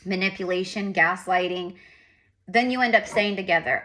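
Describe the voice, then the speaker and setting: A woman's voice: mid-range voice, normal speed. A woman giving a casual tarot reading, rambling and repeating herself as she channels. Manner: rambling, repetitive, animated asides. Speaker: tarot reader.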